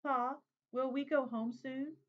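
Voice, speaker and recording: A woman's voice: high voice, steady tone, slow, muffled recording, pitched above the performer's own voice. A woman reading a memoir aloud, voicing a small tearful girl who pleads and whines to go home. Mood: pleading, tearful. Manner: whiny, pleading.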